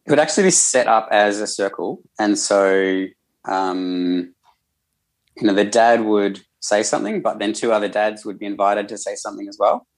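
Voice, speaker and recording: A man's voice: lowish voice, normal speed. An Australian man, a counsellor, explaining his work in a thoughtful, earnest way as a podcast guest. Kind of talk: casual conversational interview.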